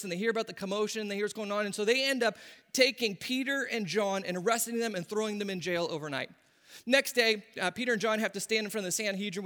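Animated male pastor in a reverberant hall. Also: sits high. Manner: animated storytelling, acts out voices with laughs. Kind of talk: sermon. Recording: long reverb of a large hall.

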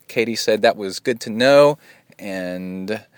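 A man's voice: lowish voice, slow pace, clean tone, dry recording. Joking, offhand man hosting a podcast. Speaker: podcast host. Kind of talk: casual chat reading listener emails.

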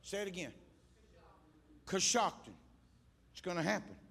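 A male evangelist preaching fervently at a church altar call, shouting one moment and coaxing quietly the next as he calls back and forth with the congregation. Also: sits high, big pitch swings, moderate pace, gravelly. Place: church service before a congregation.

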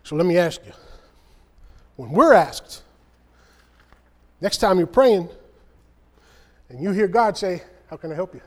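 High-voiced man preaching in a reverberant hall. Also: animated, measured pace, long pauses, a little mellow. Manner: conversational preaching, acting out quoted voices. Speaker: speaker. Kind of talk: sermon.

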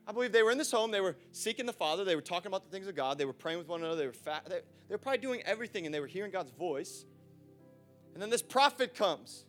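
Animated, high-voiced young pastor. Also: male voice, racing, soft background music. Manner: animated, chatty, acts out scenes, asks the room questions. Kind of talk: sermon. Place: church.

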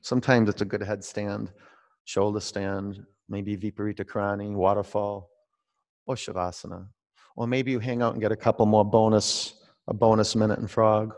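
A man with a low, gravelly voice leads a yoga class, his cues relaxed, chatty and drawn out. His voice trails off into a long, lingering reverb. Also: normal speed. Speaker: yoga teacher. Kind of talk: guided yoga class instruction.

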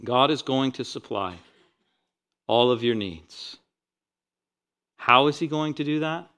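A man pastor preaching a sermon, rising loud on scripture and dropping quiet for asides. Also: mid-range voice, slow pace, clear, resonant tone.

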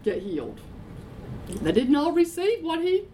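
A woman's voice: high voice, huge pitch swings, unhurried, warm tone, a little hiss or hum, low-quality recording. A woman preaching a sermon, emphatic, repeating her phrases and answering her own questions.

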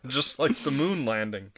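A man's voice: mid-range voice, animated, slow pace, a crowd in the background. A man co-hosting a casual comedy podcast, joking, laughing often and reassuring his partner. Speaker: podcast co-host.

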